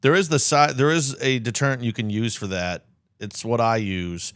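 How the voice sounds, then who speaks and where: A man co-hosting a podcast, trading deadpan jokes and cursing in casual banter. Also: medium pitch, moderate pace, clean tone, no echo, clean studio sound. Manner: deadpan joking, swears, lively ups and downs. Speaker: podcast co-host.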